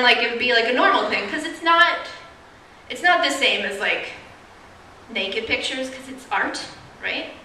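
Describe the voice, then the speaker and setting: A woman's voice: fairly high pitch, pushed and bright, a little hiss or hum. A young woman doing a stand-up comedy set, chatty and self-mocking, laughing at her own jokes. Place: small live venue with audience. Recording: roomy, distant mic with faint ambience.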